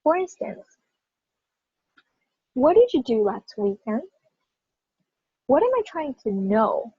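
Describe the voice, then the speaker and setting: A woman's voice: a little high, very animated, slow, husky, dry recording, muffled recording. A woman teaching English pronunciation in a classroom lesson, speaking emphatically and checking in with her listeners often.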